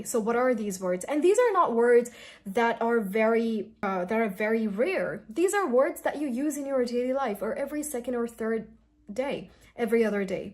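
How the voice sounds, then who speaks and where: A woman teaching English pronunciation, speaking straight to learners and repeating each word slowly for them to copy. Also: mid-range voice, a little mellow. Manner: coaching, repeats words slowly for learners to echo. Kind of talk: online pronunciation lesson.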